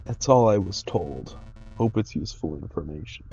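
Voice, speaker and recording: A man playing a weary, kindly older gentleman from a small town, courteous and a little sleepy. He speaks slowly with a gravelly edge in a mellow tone. A soft tune runs behind him. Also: deep voice, lively intonation, highs cut off, faint music behind. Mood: somber. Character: tired, kindly older townsman, gently talkative.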